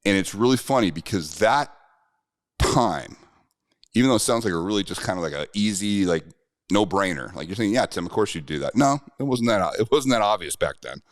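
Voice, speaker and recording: Deep-voiced man telling a story. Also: expressive, moderate pace, dry recording, clean studio sound. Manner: conversational, earnest, with restarts. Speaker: self-defense instructor. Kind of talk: personal storytelling to camera.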